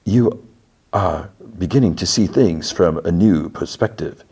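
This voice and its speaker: A sinister male warlord speaks low, formal and unhurried, as a man puts him on. The voice is deep and controlled, with an undertone of menace. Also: vocal fry, darkish tone, slightly rough, exaggerated voice. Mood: measured.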